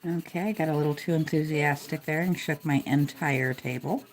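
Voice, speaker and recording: A woman's voice: low-pitched, moderate pace, slight background noise. A woman chatting casually and poking fun at herself as she narrates her coloring. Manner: relaxed, chatty, self-deprecating. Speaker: coloring video creator.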